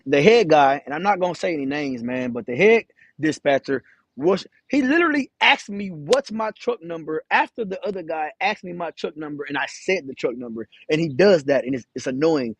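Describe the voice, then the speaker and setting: A truck driver tells a story straight to camera, blunt and swearing freely, and acts out what others said. His voice sits a little high for a man. The sound is dry, with no room echo. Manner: candid, profane, acts out quoted dialogue. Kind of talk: casual storytelling vlog.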